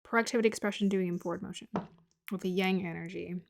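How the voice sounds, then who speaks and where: A woman's voice: mid-range voice, steady tone, fast, vocal fry. A woman giving a casual tarot reading to her viewers, musing aloud, laughing often and sometimes dropping to a murmur. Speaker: tarot reader.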